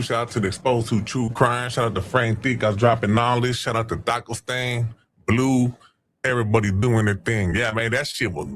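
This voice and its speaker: A man hosting a casual livestream, talking slangy street talk, swearing and giving shout-outs to people in the chat. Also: lowish voice. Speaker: livestream host.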